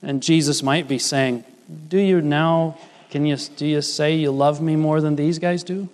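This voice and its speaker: A man with fairly even intonation, a measured pace, and a darkish tone preaches a sermon, earnest and explanatory, over long hall reverb. He often quotes scripture with building emphasis, his pitch rising when he quotes Jesus and Peter.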